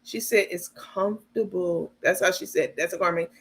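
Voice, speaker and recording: Speaking fairly quickly in a fairly low-pitched, fairly bright voice, this livestream host comments casually and bluntly, swearing at times. She turns aside to address her audience as "you guys" and "baby."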